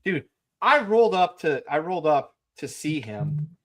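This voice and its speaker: A man's voice: a little high, sing-song, a little slow, a bit bright. A man co-hosting a pop culture chat show, joking and rambling and swearing casually. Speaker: podcast co-host.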